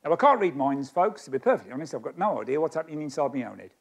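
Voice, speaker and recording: A man's voice: a little high, lively intonation, rapid-fire, vocal fry, slightly rough. Joking man doing stage magic patter. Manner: chatty, self-mocking, joking with volunteers. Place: stage of a magic society hall.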